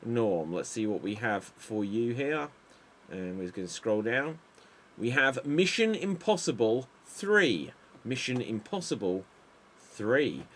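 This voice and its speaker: Slow, wry male improv host. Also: medium pitch, big pitch swings, a bit bright. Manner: wry, unhurried emcee banter. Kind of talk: hosting an improv game.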